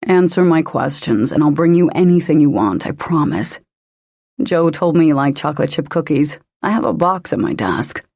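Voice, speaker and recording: A woman narrator voicing a calm male investigator who asks patient, coaxing questions. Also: low-pitched, normal speed, breathy edge, dry recording, studio quality, exaggerated voice. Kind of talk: audiobook character voice.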